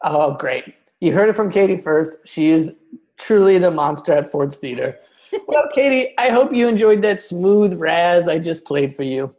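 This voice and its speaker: A man hosting a comedy roast podcast, mocking guests with big swings between loud jabs and muttered asides. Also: on the high side, animated, normal speed.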